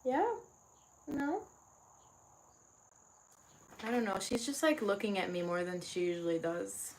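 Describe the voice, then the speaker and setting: Streaming live from her bedroom at home, a tired young woman chats casually with viewers and occasionally talks to her dog. Her voice is fairly low-pitched and brisk, with background noise present.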